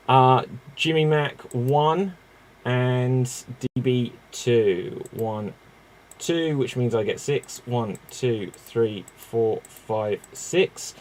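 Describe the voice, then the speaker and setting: Unhurried male game host. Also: medium pitch. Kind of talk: casual improv game hosting.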